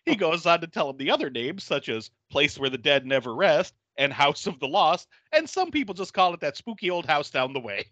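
A man hosting a casual movie recap podcast, telling stories in an animated way, laughing often and swearing freely. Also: on the high side, dry recording, lo-fi sound. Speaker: podcast host.

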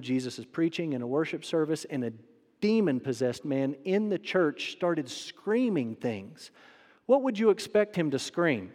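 A man preaching a sermon in a church worship center, animated and acting out quoted voices with sudden loud outbursts. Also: fairly high pitch, big-room sound. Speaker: pastor.

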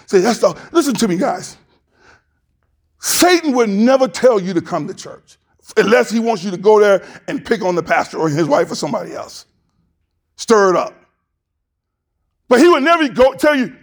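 High-voiced man preaching emphatically. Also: expressive, normal speed, long pauses. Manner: emphatic, repetitive, with rising shouted climaxes. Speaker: pastor. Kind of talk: sermon.

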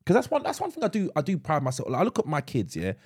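Animated British man chatting on a podcast. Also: fairly high pitch, rapid-fire, breathy edge. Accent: British English. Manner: animated, swears freely, stumbles and repeats words. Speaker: podcast co-host. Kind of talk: casual chat.

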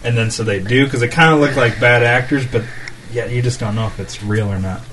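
A man hosting a podcast, telling stories in a relaxed, rambling way full of fillers. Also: mid-range voice, a little fast, slight background noise, low-quality recording. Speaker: podcast host. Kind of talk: casual chat.

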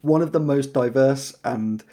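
A man's voice: medium pitch, measured pace, dark tone. A man from England co-hosting a casual chat, talking in a wry, chatty way and laughing often. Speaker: podcast co-host.

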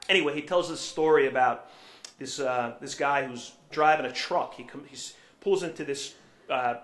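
A man's voice: medium pitch, a bit bright. Male priest, sermon, chatty storytelling with fillers and restarts, echoey church room.

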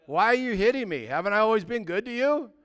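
A reproachful, wronged talking donkey pleading with her master in a plain, plaintive tone, as a male preacher voices her. The voice sits fairly high and sounds clean and smooth. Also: very animated, fast, a bit bright, lo-fi sound. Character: wronged loyal female donkey.

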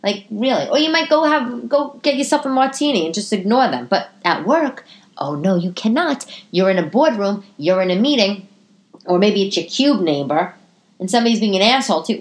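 A woman in her thirties talks straight to her listeners in a loose solo podcast, recorded at home in her living room. She is chatty and salty, and her voice keeps jumping high for animated asides. Her voice sits in an ordinary middle range for a woman. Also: brisk. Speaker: podcast host. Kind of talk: casual solo podcast monologue.

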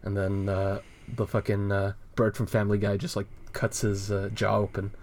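Man, lower register, casual co-host; rambly, hesitant, laughs often. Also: completely flat delivery, normal speed, a little mellow, slight background noise. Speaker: co-host reviewing a web comic. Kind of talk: casual chat.

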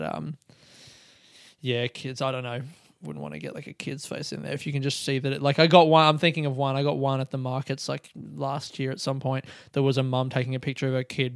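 A man's voice: mid-range voice, creaky, smooth, no echo, clean studio sound. A young man hosting a podcast, rambling, self-mocking and swearing often as he talks alone. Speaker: podcast host. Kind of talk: casual solo monologue.

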